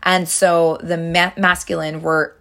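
A woman's voice: fairly low pitch, little pitch movement, measured pace, vocal fry, fairly bright tone. A young woman talks straight to her listeners like a big sister giving dating advice. She is chatty and earnest, with plenty of fillers and restarts as she tells her stories. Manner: earnest, addresses listeners directly as girls. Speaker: dating advice podcast host. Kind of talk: casual advice monologue.

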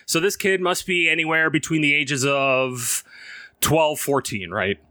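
A man casually telling a profane, animated story about his day, swearing constantly and laughing as he goes. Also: fairly high pitch, unhurried, no echo.

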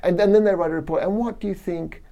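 A man's voice: sits high, fairly even intonation, quick pace, vocal fry, warm tone. A middle-aged man from Australia with an Australian accent, a plant biology professor chatting in an interview, laughing often and restarting his sentences. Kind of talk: relaxed interview conversation.

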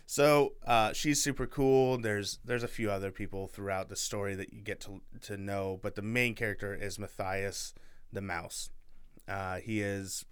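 A man's voice: on the low side, steady tone, unhurried, clear, resonant tone. A young man co-hosting a podcast, casually retelling a book with lots of fillers and restarts. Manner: rambling, filler-heavy storytelling. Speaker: podcast co-host.

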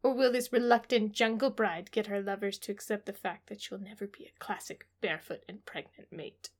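A woman's voice: medium pitch, steady tone, a little fast. Giggly woman reading with mock drama. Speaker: podcast co-host. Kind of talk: comedic reading of romance synopses.

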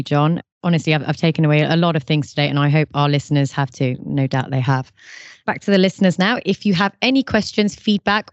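Lower-voiced woman hosting a quiz. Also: dry recording, muffled recording. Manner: playful, bossy about her quiz. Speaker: podcast host and quizmaster. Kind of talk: casual podcast quiz.

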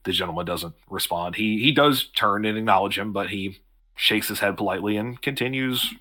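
A man narrating as game master of a tabletop role-playing game over a video call, unhurried, with frequent fillers and restarts. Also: on the low side, bright, forceful tone.

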